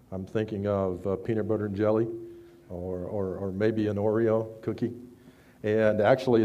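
A man preaching a sermon, conversational with stammered restarts, rising loud when he reads scripture. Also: on the low side.

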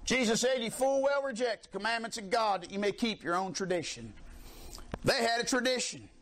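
High-pitched fiery preacher. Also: male voice, animated, fairly quick. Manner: shouting, mocking, laughing, call-and-response. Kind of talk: fiery sermon.

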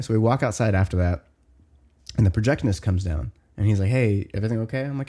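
A man in his thirties, a podcast co-host telling a long story in casual chat, animated, with lots of "like" and swearing. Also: on the low side, fast.

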